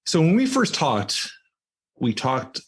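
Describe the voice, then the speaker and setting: A man's voice: a little high, huge pitch swings, takes it slowly, a bit bright, husky. A man hosting a podcast interview, asking open questions and affirming briefly. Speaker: podcast host. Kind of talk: interview conversation.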